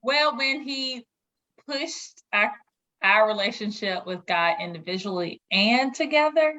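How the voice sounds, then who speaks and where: A young adult woman, a podcast guest, telling stories in casual chat, animated and laughing often as she mimics others. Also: a little high, a little slow. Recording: dull lo-fi sound.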